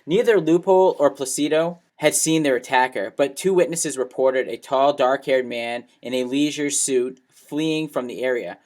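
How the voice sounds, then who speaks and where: A man hosting a true-crime podcast, reading case details in an even, conversational way. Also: medium pitch, moderate pace, few pauses. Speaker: podcast host. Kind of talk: casual true-crime narration and chat.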